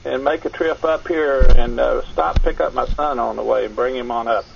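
A man from Kentucky, calling in to a radio show and chatting in a relaxed way. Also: medium pitch, moderate pace, creaky, slight background noise. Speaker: caller. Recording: lo-fi phone line.

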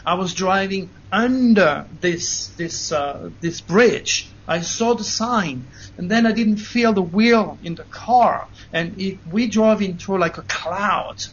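A man giving an earnest, animated first-person account to an interviewer, with frequent restarts. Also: high voice, slow, a little hiss or hum. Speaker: interview guest. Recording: dull lo-fi recording.

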